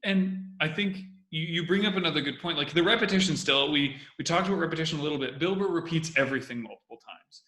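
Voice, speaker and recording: Male host, energetic, bright edge, echoey room, repeats himself to drive points home. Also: on the high side, quick pace, few pauses. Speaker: host analyzing comedy. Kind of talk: casual video commentary.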